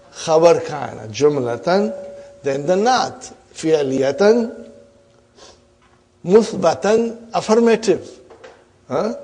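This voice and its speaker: A man's voice: on the high side, a little mellow. Male teacher quizzing his class. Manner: checks understanding with frequent "huh?" and "are you with me?"; drills students with repeated questions and term-by-term explanation. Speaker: Arabic grammar teacher. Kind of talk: classroom grammar lesson.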